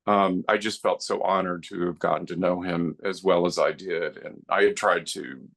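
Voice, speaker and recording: A man's voice: low voice, fairly even intonation, moderate pace, gravelly, fairly bright tone. A middle-aged man, a guest filmmaker on a podcast, reminiscing in an earnest, heartfelt way. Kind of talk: podcast interview.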